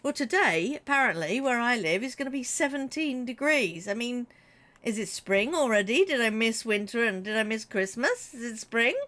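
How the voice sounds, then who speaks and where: Bright and forceful, her fairly high voice has lively intonation and a moderate pace. She's a British woman chatting casually with viewers during a game stream, joking around despite a runny nose and answering chat messages as she reads them out.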